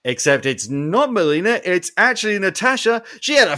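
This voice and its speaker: A man's voice: sits high, sing-song, normal speed, hardly any pauses, sharp tone. A man hosting a podcast, ranting animatedly through a casual film review and swearing often. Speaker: podcast host.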